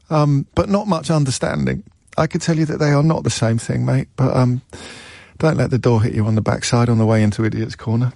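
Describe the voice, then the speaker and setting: A man's voice: on the high side, a little mellow, no room sound, studio quality. A man hosting a talk radio phone-in, talking in a wry, conversational, mock-exasperated way.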